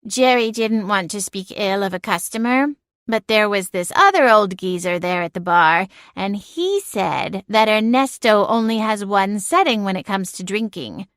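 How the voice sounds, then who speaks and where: A woman's voice: mid-range voice, lively intonation, a little slow, a bit bright, dry recording. A woman voicing a snarky, sarcastic female cat familiar with a dry, cutting, mocking manner in an audiobook. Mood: smug. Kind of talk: audiobook narration.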